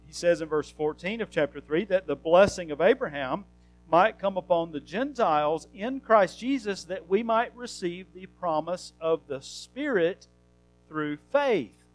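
A man's voice: high voice, lively intonation, unhurried, faint music behind, low-quality recording. A man preaching an earnest, conversational sermon, teaching from the Bible and building to emphatic questions.

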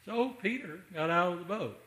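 A man's voice: high voice, lively intonation, normal speed, fairly bright tone, reverberant, rough recording. A man preaching a sermon in a conversational way, with rhetorical asides to the congregation.

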